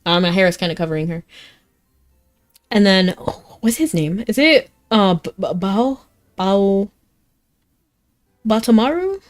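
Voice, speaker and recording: A woman's voice: medium pitch, lively intonation, unhurried, pauses often. Giggly young woman chatting on stream. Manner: chatty, rambling, giggly, answers chat. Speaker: game streamer. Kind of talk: casual live-stream chat. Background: faint game music.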